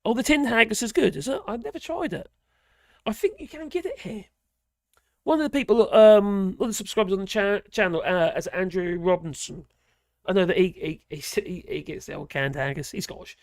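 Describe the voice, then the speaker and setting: This is a streamer, from Norwich, rambling through viewer comments. The voice is gravelly with some fry, and the sound is dry and close, with no room around it. The pitch sits in a middle range. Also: expressive, fairly quick, a little mellow, no echo. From Norwich, England. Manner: rambling, chatty, reacts to viewer comments aloud. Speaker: live-stream host. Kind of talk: casual live-stream chat reading comments.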